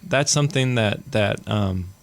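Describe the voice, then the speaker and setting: A man hosting a podcast in relaxed, casual chat, joking and laughing often. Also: lowish voice, measured pace, creaky, no echo. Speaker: podcast host.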